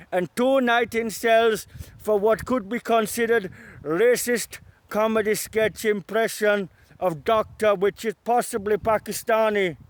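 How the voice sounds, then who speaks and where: A man doing a stilted doctor who lays out his verdict in broken, overly formal phrases. The voice sits high and moves with a measured, pompous rhythm. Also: no echo. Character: mock male doctor, clinical and pompous.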